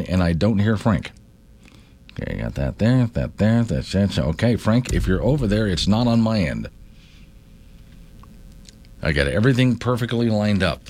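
A man hosting a morning talk radio show, reading news and chatting with asides. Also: low voice. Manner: conversational, animated, reads news aloud with asides. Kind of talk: talk radio monologue and banter.

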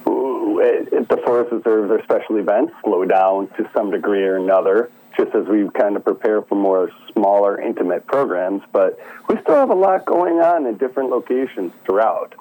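A middle-aged man calling into a radio show as a forest preserve guest, talking in a relaxed, easygoing way with fillers. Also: on the low side, moderate pace, few pauses, poor audio. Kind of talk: phone-in interview. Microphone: phone line.

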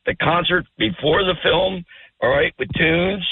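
An older man calling in to a radio show, chatting casually, rambling and stammering with a gravelly voice. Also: sits high, a little slow, a little hiss or hum. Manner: rambling, stammers and repeats words. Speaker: phone-in guest. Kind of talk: casual talk radio chat. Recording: dry tinny phone line.

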